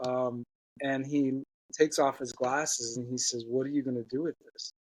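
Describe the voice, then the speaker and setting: An earnest man tells a personal story as an interview guest. He speaks at a middle pitch, halting and restarting often. The sound is dry and close, with no room echo. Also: flat delivery.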